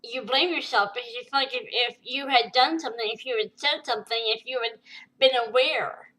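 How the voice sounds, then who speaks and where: A woman with a bright, fairly high voice tells a personal story straight to camera. She speaks haltingly, full of fillers and restarts, and her emotion shows through. It is a vlog in her own voice. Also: poor audio. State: tearful at times. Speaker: vlogger.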